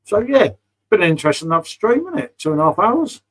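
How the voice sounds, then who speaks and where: A man's voice: high voice, sing-song, fast, fairly bright tone, husky, low-quality recording. A man, hosting a casual livestream chat over beers and talking in a laid-back, matey way. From England. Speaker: livestream host.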